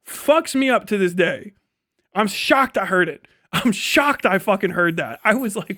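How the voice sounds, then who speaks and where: A middle-aged man hosting a livestream, talking in a casual, animated rant with frequent swearing and incredulous outbursts. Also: high-pitched, normal speed. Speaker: livestream host.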